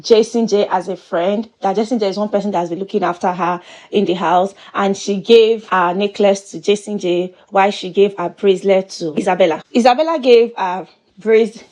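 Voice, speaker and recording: A woman giving a chatty, playful recap of a reality show. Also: medium pitch. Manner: chatty and animated, with playful exclamations. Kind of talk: casual gossip commentary.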